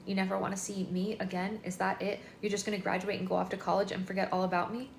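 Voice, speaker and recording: A woman's voice: mid-range voice, little pitch movement, fast, vocal fry, a little hiss or hum, lightly acted. A woman reading the lines of a dramatic, emotional teenage girl in an echoey room, indignant and pleading. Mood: upset.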